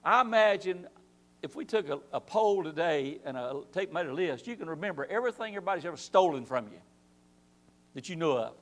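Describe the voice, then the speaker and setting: Lively high-voiced man teaching Bible class. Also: a little fast. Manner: animated preaching with rhetorical questions and acted-out quotes. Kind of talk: church Bible class lesson. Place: church.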